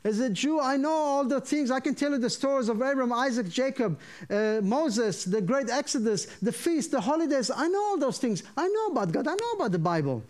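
A man with a fairly high voice shares his conversion testimony as a sermon. He tells the story with lots of energy and acts out each voice. His pitch moves widely as he goes. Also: expressive, brisk, few pauses, darkish tone. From Israel. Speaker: preacher sharing his testimony.

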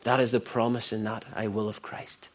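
A man's voice: fairly low pitch, flat delivery, moderate pace. A man preaching a sermon earnestly, repeating phrases for emphasis and often restarting mid-sentence. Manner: many restarts and stumbles.

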